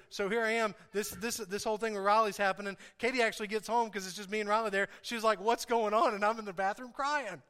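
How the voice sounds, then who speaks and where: A man with a high, bright, clear voice delivers a sermon to his congregation. He speaks earnestly and confessionally, leaning on repetition to drive his points home. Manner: earnest, repeats phrases for emphasis; confessional, talks straight to the congregation. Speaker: pastor.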